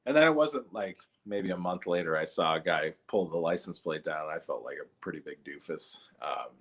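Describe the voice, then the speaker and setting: A man's voice: low-pitched, normal speed. A man doing stand-up comedy, telling stories and acting out the voices of the people in them. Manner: animated, acts out voices in his stories. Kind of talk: stand-up storytelling.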